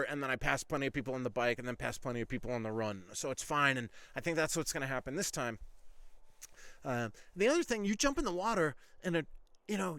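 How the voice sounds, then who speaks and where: A man's voice: a little high, fairly bright tone, no echo. A man hosting a podcast, telling a story in a rambling, casual way, full of "like" and frequent swearing. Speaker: podcast host.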